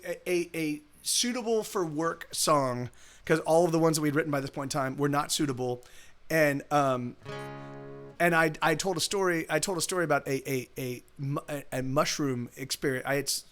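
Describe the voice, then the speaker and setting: This musician livestreams and talks between songs over guitar, his casual chat meandering with lots of restarts. He has a fairly high, fairly bright voice and a moderate pace.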